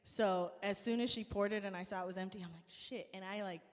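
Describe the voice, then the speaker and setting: A woman host and singer telling stories in a casual chat on a live stream, animated and laughing often as she acts out quotes. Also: mid-range voice, fast talker, in a large hall.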